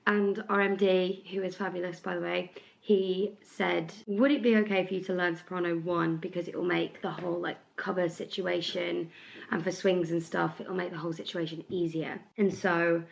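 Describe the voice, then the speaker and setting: A young British-raised woman vlogging about her week, talking in a bubbly, rambling way with lots of "like". Her voice sits on the low side with plenty of gravelly fry. She sounds slightly stuffy and tired. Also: level tone, normal speed. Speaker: vlogger, musical theatre performer. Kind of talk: casual vlog chat.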